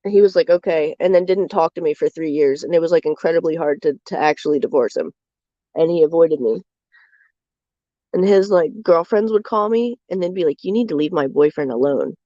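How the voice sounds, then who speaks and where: A rambling woman streamer, low-pitched and mellow, talks on with plenty of "like" and "um". Her voice is dry and a little dull, as on a lo-fi stream mic. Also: brisk, dry recording. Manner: rambling and candid, many fillers. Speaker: livestream host. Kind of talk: casual chat.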